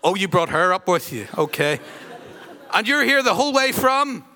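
High-voiced pastor, church echo. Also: male voice, sing-song, moderate pace, a faint crowd. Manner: warm, teasing, quizzes children. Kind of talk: children's talk in a church service. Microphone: handheld microphone passed around. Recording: long church reverb.

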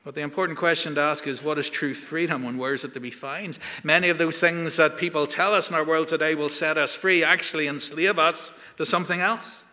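A man's voice: a little high, fairly even intonation, fairly quick, hardly any pauses, pushed and bright, long reverb tail. A man preaching a sermon, earnest and building to emphatic peaks.

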